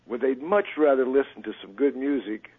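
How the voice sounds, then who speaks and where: A man's voice: medium pitch, fairly quick, slightly rough. Earnest male caller on a tinny phone line. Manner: earnest, persuasive. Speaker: radio caller. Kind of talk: phone call to a radio show.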